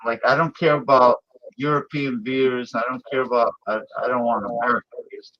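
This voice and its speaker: A man's voice: medium pitch, steady tone, normal speed, muffled recording. A man chatting casually on a video call, stammering and restarting, emphatic about what he likes. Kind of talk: casual chat.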